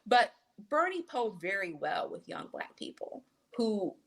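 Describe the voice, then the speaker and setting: A woman physician, a podcast guest, telling an animated, emphatic story in casual conversation. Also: mid-range voice, a little slow, vocal fry, breathy edge.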